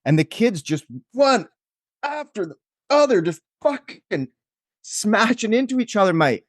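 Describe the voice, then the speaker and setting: A man's voice: high-pitched, big pitch swings, measured pace, no echo, studio quality, full character voice. A man playing a rattled, swearing neighbor. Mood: rambling. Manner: swearing, rambling, repeats himself. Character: shocked foul-mouthed male neighbor witness. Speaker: podcast co-host. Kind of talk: improvised comedy sketch.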